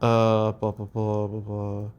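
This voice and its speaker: A man's voice: fairly low pitch, monotone, slow, darkish tone, clear, resonant tone, muffled recording. A young man hosting a casual commentary, reading audience reviews aloud with fillers, stray hums and chuckles. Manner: rambling, chuckling, filler-heavy. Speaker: host.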